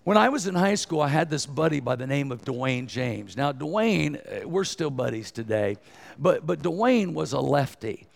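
A man in his sixties, an evangelist preaching a folksy, joking sermon, a bit hoarse, urging the crowd to join in. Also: fairly high pitch, lively intonation, moderate pace. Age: 60s.

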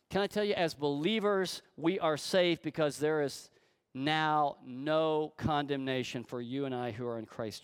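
Emphatic male preacher, crisp dry voice. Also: medium pitch, dry recording. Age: adult, grew up in church. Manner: emphatic preaching, slowing on key words. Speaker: pastor. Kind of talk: sermon. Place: church.

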